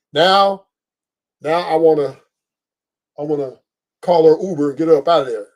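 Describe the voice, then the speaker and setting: High-voiced profane man ranting on a podcast. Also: normal speed, long pauses. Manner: profane, boisterous, animated asides. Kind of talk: casual storytelling rant.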